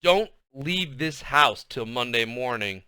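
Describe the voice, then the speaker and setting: A man's voice: mid-range voice, animated, normal speed, pushed and bright, dry recording. A man reading aloud, voicing a stern mother of many children who speaks in a firm, commanding way.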